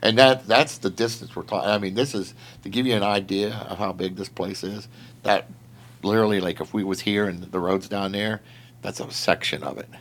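Talking fairly quickly in a fairly low pitch, this man tells a story about patrol work. It's a casual, rambling chat loaded with fillers, and he laughs animatedly along the way.

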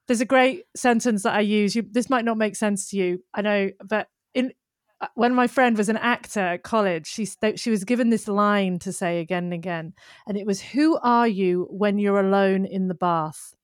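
A woman who works as a copywriter, talking as a podcast guest in a casual, animated and opinionated way. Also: medium pitch, no echo, studio quality. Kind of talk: casual conversation.

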